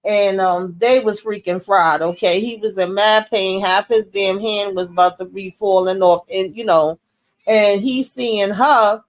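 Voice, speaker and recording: A woman casually recapping a TV series episode in a slangy, profane, animated way, often acting out the characters' lines. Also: mid-range voice.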